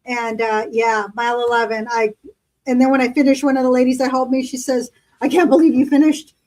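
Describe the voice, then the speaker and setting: High-voiced chatty woman. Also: monotone, brisk, low-quality recording. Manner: chatty storyteller, lots of fillers. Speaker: podcast co-host. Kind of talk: casual chat.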